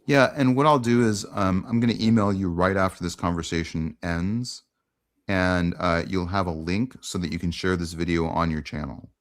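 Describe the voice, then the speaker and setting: A man's voice: deep voice, steady tone, moderate pace. A man hosting a casual online conversation, talking earnestly with frequent ums. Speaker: host.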